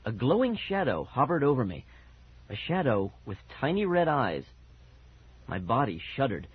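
A man narrating an audiobook with expressive storytelling. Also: medium pitch, moderate pace, husky. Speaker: audiobook reader. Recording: dull old cassette audio.

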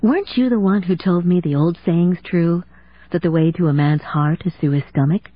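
Brief: narrator doing an anxious lover in a higher, strained register, husky, tinny phone-like sound. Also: female voice, normal speed, no echo, lightly acted. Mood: surprised. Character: adult woman, anxious and hurt lover.

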